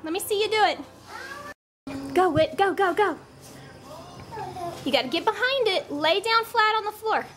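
A young woman with a very high-pitched, fairly bright voice and lively intonation films her family on a handheld camera at home, both indoors and outside, for a casual vlog. At a moderate pace with long pauses, she chats, laughs a lot and cheers on her kids, and the home video is noisy.

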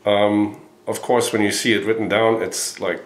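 A man from Germany with a German accent, a dog trainer patiently explaining and repeating each word slowly. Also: on the low side, little pitch movement, echoey room. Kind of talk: instructional talk.

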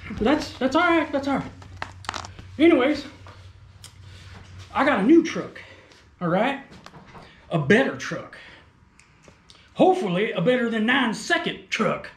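A man's voice: extremely high pitch, big pitch swings, measured pace, pauses often, echoey room, slight background noise. A man hosting an RC truck video, telling a rambling, folksy, crude comedic story in a put-on rural persona. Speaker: RC hobby video host. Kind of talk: comedic rural character monologue.

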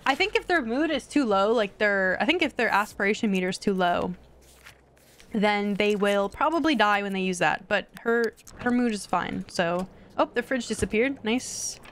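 A woman streaming a life-simulation game, chatting excitably with her viewers in casual live commentary. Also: medium pitch, normal speed, slight background noise.

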